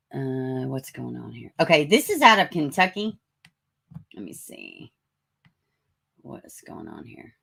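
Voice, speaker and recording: A woman with a raspy, low but fairly bright voice hosts a casual live stream, greeting viewers by name and reading out the news.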